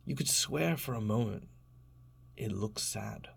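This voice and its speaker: A man with a lowish, gravelly, husky voice narrates a tabletop game as game master. He describes scenes in detail, laughs often, and slows down for dramatic moments.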